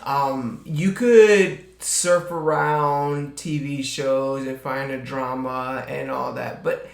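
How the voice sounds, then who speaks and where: A man's voice: mid-range voice, steady tone, takes it slowly, gravelly. A man co-hosting a podcast, laid back and emphatic, often repeating phrases for effect. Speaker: podcast co-host. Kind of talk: casual chat. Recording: roomy echo.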